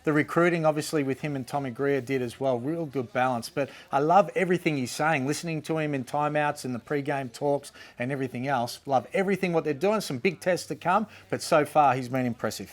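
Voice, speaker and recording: A man's voice: fairly high pitch, fairly quick, few pauses. A man co-hosting a basketball chat show, enthusiastic and opinionated. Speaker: co-host. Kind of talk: casual sports chat.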